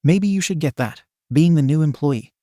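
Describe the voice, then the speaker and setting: A man's voice: mid-range voice, a little fast, mellow, no room sound, studio quality, close to an everyday voice. A man reading as a sly, polite shopkeeper. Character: sly, scheming male shopkeeper.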